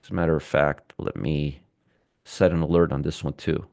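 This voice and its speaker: A man's voice: very deep voice, steady tone, normal speed, vocal fry, darkish tone, no echo, studio quality. A middle-aged man hosting a live stock market stream, chatty, reading out viewer comments and teasing his audience. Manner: chatty, reads viewer comments, jokes and teases. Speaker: stock market show host.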